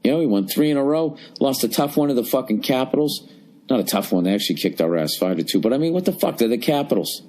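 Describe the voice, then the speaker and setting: A man's voice: mid-range voice, animated, fast talker, a little mellow. A man in his forties ranting and grumbling through a profane solo comedy podcast from a hotel room. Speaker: podcast host.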